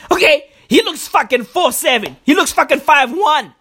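A man delivering a profane comedic rant, loud and excitable, full of slang and repeated words. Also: very high voice, normal speed. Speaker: comedic ranter.

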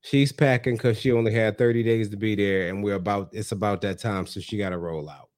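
A man's voice: on the low side, fairly quick, no room sound, clean studio sound. A man co-hosting a podcast, chatting casually about a reality show and acting out what the people on it said. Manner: animated storytelling, acting out quotes. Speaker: podcast co-host. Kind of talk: casual reality-TV recap chat.

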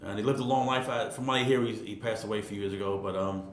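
A man's voice: fairly even intonation, quick pace. A man around sixty from Queens, telling stories casually as an interview guest, rambling and repeating words. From Queens, New York. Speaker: guest, retired ironworker. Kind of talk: casual storytelling. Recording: echoey room, faint rumble.

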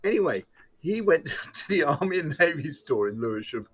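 A man's voice: on the high side, very animated, moderate pace, a bit bright, breathy edge, poor audio. A man interviewed in a casual chat, telling a rambling anecdote and chuckling often.

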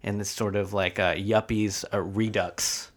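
A man's voice: on the low side, flat delivery, a little slow. Laid-back rambling man co-host. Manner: rambling, with many fillers and restarts. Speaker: podcast co-host. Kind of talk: casual chat.

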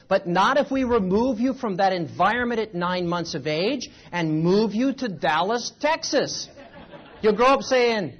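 Husky-voiced man lecturing a seminar crowd. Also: high-pitched, measured pace, muffled recording. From United States. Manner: animated, repetitive, rhetorical questions to the audience. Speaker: seminar speaker. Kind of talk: motivational seminar talk. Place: event room with a live audience.

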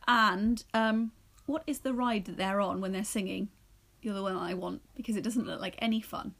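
A woman's voice: mid-range voice, steady tone, normal speed, creaky, a bit bright. A woman co-hosting a casual film podcast, teasing and laughing often. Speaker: podcast co-host. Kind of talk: casual chat film review.

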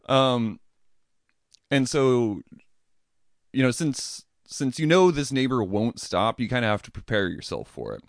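A young man hosting a casual history podcast, animated, often acting out people in mocking voices and laughing at his own jokes. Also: medium pitch, slow pace, pauses often, no room sound, studio quality. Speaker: podcast host.

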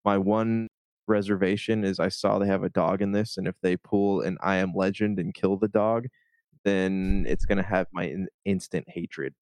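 A man's voice: low voice, fairly even intonation, moderate pace, a little mellow, no room sound. A man in a casual movie chat, hesitant, restarting his sentences often. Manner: hesitant, lots of restarts and likes.

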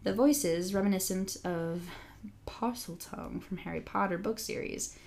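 A woman's voice: mid-range voice, moderate pace, vocal fry, darkish tone, slight background noise. A young adult woman co-hosting a casual chat, reading a news story aloud with joking asides. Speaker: podcast co-host reading an article aloud.

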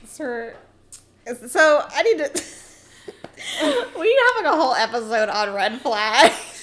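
A woman's voice: high voice, animated, slow pace, a bit bright. A woman co-hosting a podcast, chatting casually and teasing her co-host with joking reactions. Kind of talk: casual chat.

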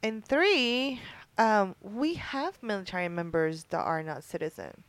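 A woman's voice: medium pitch, expressive, measured pace, no room sound. A middle-aged woman earnestly telling a story in casual conversation, emotional at times, with many ums and restarts. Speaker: organizer of a military spouse program.

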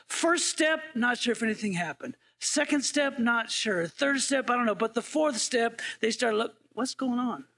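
High-voiced gravelly male pastor preaching. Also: expressive, moderate pace, few pauses, pushed and bright. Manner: conversational, asks the congregation playful questions. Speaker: interim pastor. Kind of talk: sermon.

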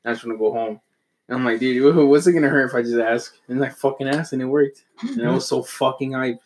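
A man in a casual chat among friends, telling a story in a loose, rambling way. He swears constantly and pokes fun at himself. His pitch sits in an ordinary middle range. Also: quick pace, darkish tone. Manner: rambling, heavy swearing, self-mocking.

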